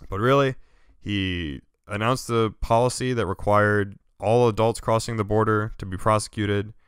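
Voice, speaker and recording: Deep smooth-voiced young American man. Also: normal speed, no echo. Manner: animated, swearing, explaining at length. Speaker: podcast co-host. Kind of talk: casual political chat. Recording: dry remote call audio.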